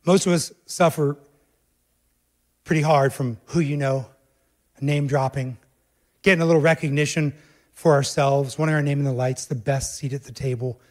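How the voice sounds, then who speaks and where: A man preaching a sermon speaks directly to the congregation with emphasis, shifting from hushed low moments to raised, urgent ones. His tone is steady and his pace moderate, with frequent pauses.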